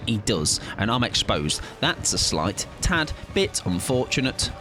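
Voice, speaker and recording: A man's voice: medium pitch, sing-song, unhurried, over music. A young man chatting playfully and joking as he streams a game. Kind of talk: casual live-stream gaming chat.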